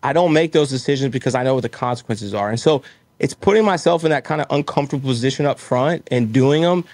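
A man's voice: mid-range voice, quick pace, a little mellow, dry recording. Earnest motivational man, dry sound. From Texas. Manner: earnest, motivational, acts out his own inner voice. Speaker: guest, roofing business owner. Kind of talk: casual interview storytelling.

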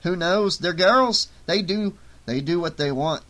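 A man playing a goofy young guy in an audiobook who can't let a joke go. His voice sits higher than the reader's own and stays teasing and flippant. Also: unhurried, a bit bright. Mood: joking.

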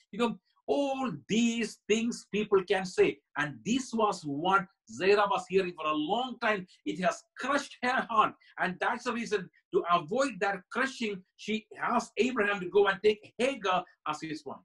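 A man's voice: sits high, animated, unhurried, a bit bright, low-quality recording. A man preaching a sermon as pastor at a Bible study, emphatic and building his points through repeated phrases. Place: church.

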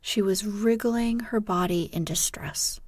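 A woman narrating a sleep story in a gentle, hushed, breathy reading. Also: mid-range voice, unhurried, no echo.

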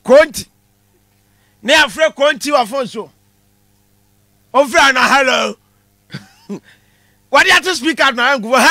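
Ghanaian male comic lecturer, very high and sharp tone, animated, punchy delivery. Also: a little slow, pauses often, no echo, studio quality. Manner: animated, shouting punchlines, mixing Twi with English. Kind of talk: comedy class monologue.

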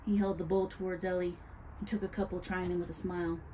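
Lady reading a spooky tale, warm mellow voice, faint hiss behind. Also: fairly low pitch, level tone, fast, low-quality recording. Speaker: storyteller. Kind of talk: reading a spooky story aloud.

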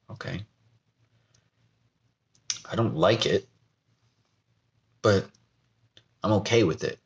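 A young man from the United States talking candidly to camera in a vlog, rambling and laughing at himself. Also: low voice. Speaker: vlogger. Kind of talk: personal talk to camera.

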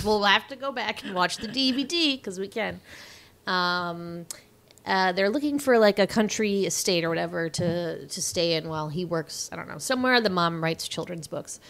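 A woman co-hosting a podcast, chatting casually about a movie, laughing often and swearing now and then. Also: mid-range voice. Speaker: podcast co-host.

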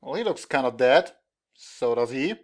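A man's voice: medium pitch, lively intonation, moderate pace. A young man in casual reaction commentary who laughs often and makes light teasing remarks. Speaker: anime reaction host.

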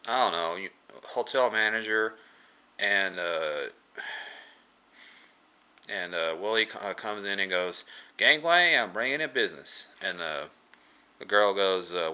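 A man casually retelling a movie's plot for a review, rambling with many fillers and restarts and often clearing his throat. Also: sits low, pushed and bright.

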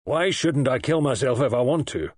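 A man's voice: lowish voice, animated, moderate pace, a little mellow, breathy edge, no room sound, clean studio sound. A man reading an audiobook plays a bitter, bad-tempered hospital patient who speaks curtly and with indignant contempt.

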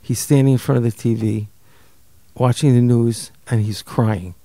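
An older man from New York telling a personal story in an interview, lively and acting out the people he quotes. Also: medium pitch, normal speed, no room sound. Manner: animated, acts out quoted voices, repeats words. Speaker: guest storyteller.

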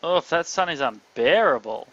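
Excitable young man commentating a game. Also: on the high side, moderate pace, muffled recording. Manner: excitable, talks to chat, yelps when startled. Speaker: gamer streaming live. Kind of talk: live gameplay commentary.

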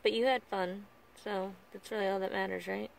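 A woman at the beach, casually coaxing and gently teasing a pouting child. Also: mid-range voice, flat delivery, moderate pace, vocal fry, a little hiss or hum, poor audio. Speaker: vlogger. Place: outdoors at a beach.

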